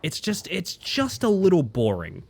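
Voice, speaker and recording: A man chatting casually and excitably while livestreaming a game, swearing freely. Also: sits high, measured pace, creaky. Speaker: game streamer. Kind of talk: casual gaming livestream chat.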